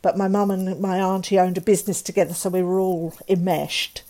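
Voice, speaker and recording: A woman's voice: on the low side, little pitch movement, fairly quick, dark tone. A middle-aged woman, a guest telling a painful personal story candidly and acting out the dialogue of others.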